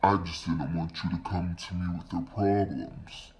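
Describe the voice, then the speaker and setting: A man putting on a slow deep-voiced dad. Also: steady tone, a little mellow, slight background noise. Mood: matter-of-fact. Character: calm deep-voiced father, accepting.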